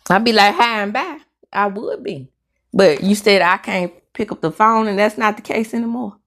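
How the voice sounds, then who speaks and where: A middle-aged woman hosts a celebrity gossip show, delivering casual commentary in a medium-pitched, slightly bright voice at normal speed. She is sassy and emphatic, with plenty of slang asides.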